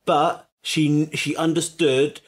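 A man co-hosting a casual podcast chat, playful and expressive, cracking jokes. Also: a little high, takes it slowly. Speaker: podcast co-host.

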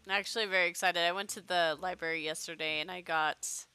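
Bright-voiced woman streamer chatting casually. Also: lowish voice, fairly even intonation, quick pace, smooth, dry recording. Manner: chatty, swears casually, talks to her pet. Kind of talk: casual gameplay chat.

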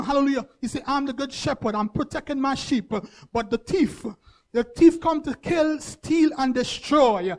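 A male preacher, delivering a sermon in repeated, rhythmic phrases that build to shouts. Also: very high voice. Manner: rhythmic repetition, rising to shouts.

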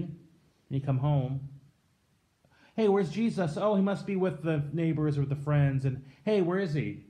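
A fairly high-pitched man in his thirties gives a daily devotion as a pastor. His tone is mellow and warm, and he reads scripture before telling personal stories earnestly. He often drops to a soft, hushed delivery on the tender parts. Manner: earnest, reflective storytelling that drops soft and quiet on tender points. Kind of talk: scripture reading and devotional sermon.

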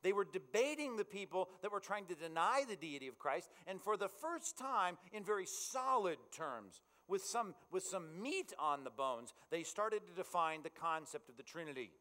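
A man's voice: high voice, animated, moderate pace, hardly any pauses, sharp tone. Chatty male pastor in an echoing hall. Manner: conversational, checks in with the audience. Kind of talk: sermon. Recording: long reverb in a large hall.

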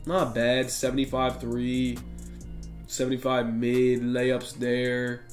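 A young man giving excitable, slang-heavy commentary on a basketball video game and talking straight to his viewers. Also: medium pitch, takes it slowly. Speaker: gaming YouTuber. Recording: echoey room with faint music.

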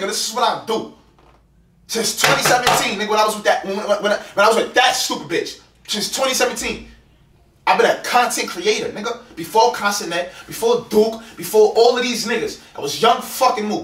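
A young man with a New York accent argues with his ex in a fast, rambling rush, cursing and repeating himself. His voice sits a little high for a man. It is caught by a hidden camera set well back in an echoey room. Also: bright, forceful tone. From the Bronx, New York. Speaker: YouTube prankster. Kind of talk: heated argument with ex-partner. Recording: roomy sound from a distant hidden camera.

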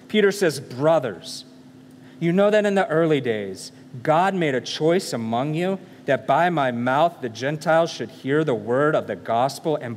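Male pastor, animated sermon voice, fairly high, big echoing church hall. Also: slight background noise. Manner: animated preaching with rhetorical questions. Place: church sanctuary.

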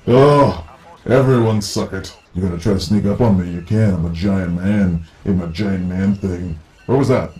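A man voicing a petulant young male villain who plays a video game, talking in a crude, cocky way and breaking into excited yelling, as a comedic parody voice-over. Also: sits low. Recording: echoey room with faint music.

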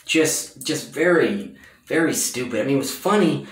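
Animated ranting film reviewer in a bathroom. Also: medium pitch, normal speed. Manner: exasperated, animated, swears freely. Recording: echoey bathroom sound.

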